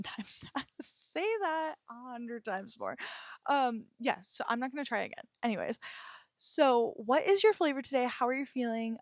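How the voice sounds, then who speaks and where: Gentle, reassuring woman podcast host. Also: fairly high pitch, dry recording, clean studio sound. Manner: gentle and reassuring, stumbles and laughs at herself. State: emotionally heavy, tired. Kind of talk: casual solo podcast talk.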